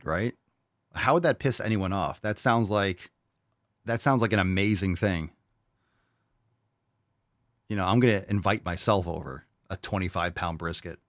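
A man's voice: fairly low pitch, no echo, clean studio sound. A man hosting a podcast and answering listener questions in casual chat, blunt and profane, mocking with disbelief. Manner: blunt, profane, mock-incredulous.

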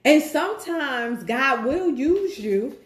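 A woman's voice: high voice, expressive, slow. A woman host of a faith-based talk show, speaking in an encouraging, preacher-like manner. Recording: echoey room.

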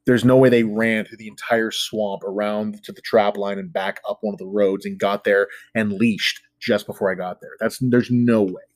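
A man's voice: lowish voice, steady tone, normal speed, few pauses, no room sound. Male storyteller, casual and self-deprecating, loose filler-heavy delivery, dry close-miked sound. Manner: rambling, filler-heavy with frequent "like". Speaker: storyteller guest.

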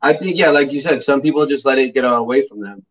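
A man's voice: mid-range voice, fast talker, recorded from a distance. A man with a mid-range voice rambles through stories in a casual chat, full of fillers. He sits well back from the mic, and the sound is muffled and dull. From United States. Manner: rambling, storytelling, filler-heavy. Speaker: podcast co-host.

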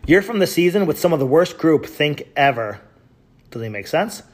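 A man hosting a podcast, reading out tweets with sarcastic, mocking commentary and sudden loud yells. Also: on the high side, very animated, normal speed, slight background noise. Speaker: podcast host.

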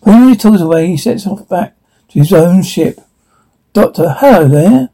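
A man's voice: high voice, moderate pace, warm tone. A man giving scripted narration, plainly describing the action between scenes.

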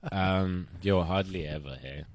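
Deep-voiced, teasing young man. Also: unhurried. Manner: teasing, self-mocking, swears freely. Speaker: podcast co-host. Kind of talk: casual banter podcast.

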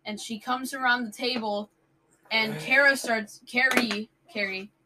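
A woman's voice: on the high side, measured pace, noisy background. A woman telling her side of a story in a casual chat among friends, recounting events step by step. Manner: steady first-person retelling.

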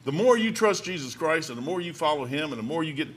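High, bright-voiced folksy male preacher. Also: expressive, fast. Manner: folksy, storytelling, swings from quiet asides to loud exhortation. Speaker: pastor. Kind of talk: sermon.

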